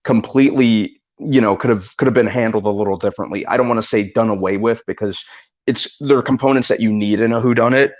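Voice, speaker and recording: A hesitant man weighs his words on a live movie review chat, restarting often. His audio comes through a dull, lo-fi line. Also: fairly low pitch. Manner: measured, hesitant, many restarts and fillers. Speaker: podcast co-host.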